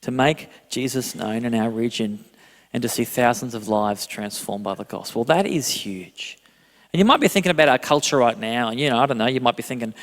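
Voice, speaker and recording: A man in his thirties preaching a sermon as a pastor, telling a self-deprecating story with animated delivery and frequent laughter. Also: mid-range voice, brisk. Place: church hall. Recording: long hall reverb.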